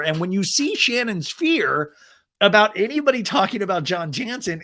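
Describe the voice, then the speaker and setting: A man hosting a podcast, recapping reality TV in an animated, profane, rambling way. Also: high-pitched. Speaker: podcast host.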